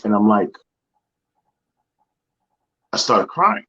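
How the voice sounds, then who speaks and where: A man's voice: fairly low pitch, sing-song, takes it slowly, long pauses, a bit bright, highs cut off. A man speaking as a motivational guest, telling a personal story in conversation, earnest and often repeating phrases as he searches for words.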